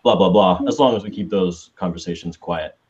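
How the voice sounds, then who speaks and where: A man with a deep baritone voice speaking calmly and measuredly in a casual online meeting. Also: a little fast, muffled recording. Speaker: group member.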